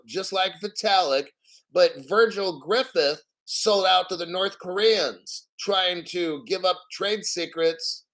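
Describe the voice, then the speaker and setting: A man hosting a casual livestream, reading out donations and ranting bluntly with lots of swearing and frequent throat clearing. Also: high-pitched, a bit bright. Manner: blunt, profane, combative. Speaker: crypto livestream host.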